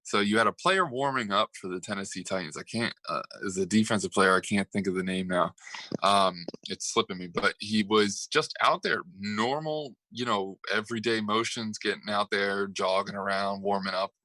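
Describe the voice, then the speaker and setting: A man's voice: lowish voice, moderate pace, bright, forceful tone, dry recording, low-quality recording. A man co-hosting a casual sports talk show, telling stories in a rambling way with lots of fillers and laughs. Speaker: sports podcast co-host.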